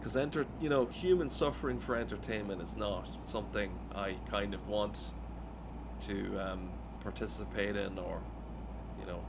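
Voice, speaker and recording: A man's voice: mid-range voice, normal speed, background noise. An Irish man streaming a driving game at home, ranting in a rambling, profane way. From Ireland. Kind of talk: casual gameplay commentary.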